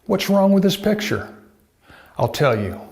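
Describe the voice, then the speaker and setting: A man's voice: high-pitched, big pitch swings, unhurried, gravelly, darkish tone. Folksy man, a doctor. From United States. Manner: folksy, asks rhetorical questions. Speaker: doctor presenting a health video. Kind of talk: scripted talk to camera.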